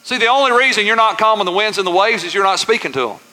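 Preacher guy saying y'all a lot, high bright voice, echoing round a big church. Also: animated, rapid-fire. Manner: preaching with congregation call-and-response; folksy, says y'all. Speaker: pastor. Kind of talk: sermon. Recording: reverberant church hall.

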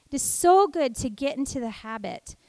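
A middle-aged woman teaching a devotional message in a high, bright-toned voice. She is an animated storyteller with lots of energy, recorded dry and close with no room sound. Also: normal speed, dry recording. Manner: animated storyteller who acts out family voices. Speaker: women's ministry teacher.

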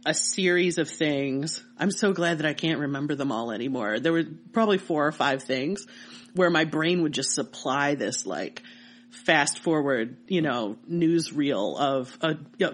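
A woman co-hosting a podcast, telling childhood memories in casual, animated chat. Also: low-pitched. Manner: animated storytelling with laughter. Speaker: podcast co-host.

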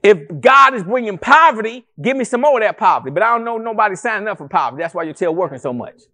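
A male pastor preaching a sermon to a congregation in a church, animated and conversational, with rhetorical questions and calls to the congregation. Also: sits high, quick pace. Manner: addresses the congregation as family, calls for responses.

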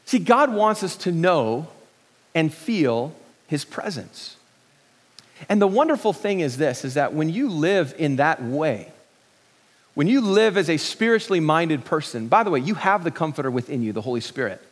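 A middle-aged pastor preaching a sermon in a relaxed, joking way, with many restarts and fillers. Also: male voice, on the high side, normal speed, in a large hall.

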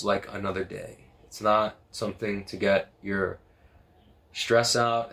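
A man who competes in jiu-jitsu, telling a story in a casual, animated monologue. He swears a lot, leans heavily on "like", and is recorded on a phone. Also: lowish voice, vocal fry. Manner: animated, profane, heavy use of "like".

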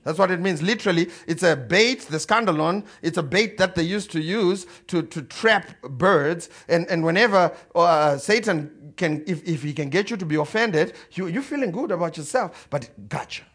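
A man preaching a sermon as a story, animated and swinging between loud and quiet, chuckling as he goes. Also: on the high side, moderate pace, few pauses, husky. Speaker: pastor.

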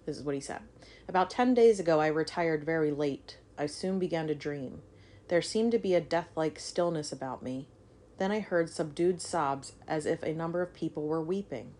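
A woman's voice: low voice, normal speed, darkish tone. A woman co-hosting a podcast, reading a history story aloud and breaking off to joke and swear. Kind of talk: casual storytelling chat.

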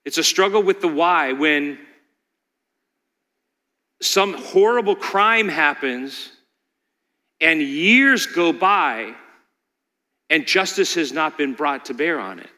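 A male pastor preaching a sermon, moving between loud pleading peaks and quiet storytelling. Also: on the high side, expressive, slow pace, long pauses, in a large hall.

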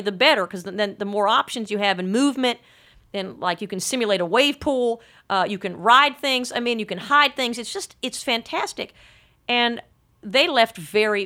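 A woman's voice: medium pitch, sharp tone. A woman delivering a rambling comic monologue in a mock-earnest, frank and crude way.

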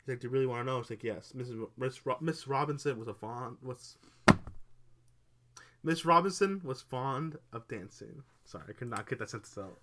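A woman's voice: a bass voice, expressive, a little fast, background noise. A woman co-hosting a casual chat, recapping a book in a rambling way, with frequent laughs and casual swearing. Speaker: podcast co-host.

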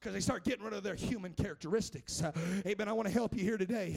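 Man preaching, very high gravelly voice, shouting sermon, fervent, chanting cadence, lots of "uh" and "amen". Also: rapid-fire.

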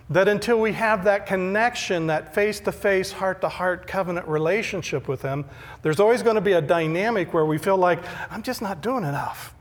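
Middle-aged male pastor, conversational sermon delivery, slightly high voice, reverberant hall. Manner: conversational, repeats words when emphatic.

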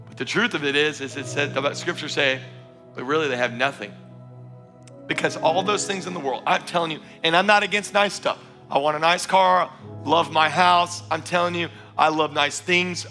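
A man's voice: on the high side, pushed and bright. A man preaching a sermon at a church service, fervent and emphatic, urging his congregation again and again. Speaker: pastor.

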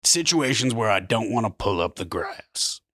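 Male podcast guest from Maryland, fairly low but bright voice, dry sound, riffing comic. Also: sing-song, moderate pace, dry recording. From Maryland, USA. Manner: playful, riffing comic rants. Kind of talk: casual chat.

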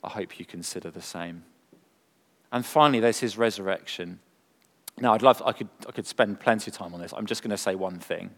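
A man preaching a sermon, earnest and full of rhetorical questions, moving from emphatic lines to hushed ones. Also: fairly low pitch, brisk. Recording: long hall reverb.

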